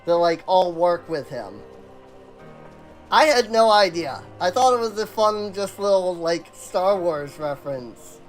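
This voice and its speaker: A game streamer giving casual, rambling let's-play commentary, chatty and quick to laugh. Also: medium pitch, lively intonation, faint music behind, rough recording.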